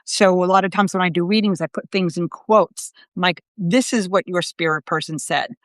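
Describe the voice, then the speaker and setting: Lively woman medium telling stories. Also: fairly low pitch, moderate pace, no room sound. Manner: lively storyteller, acts out quotes with laughter. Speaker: psychic medium, show host. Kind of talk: casual conversational chat.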